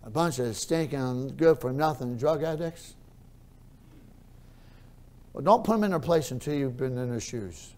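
Preaching in a mid-range voice, this pastor talks a little slowly and takes long pauses. He repeats key phrases, shifting from hushed storytelling to loud, elevated preaching.

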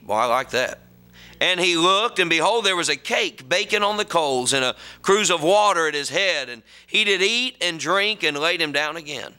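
Middle-aged preacher, folksy storytelling sermon, bright punchy voice. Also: male voice, on the high side, lively intonation, moderate pace, clear, resonant tone. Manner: folksy storytelling, reads scripture aloud.

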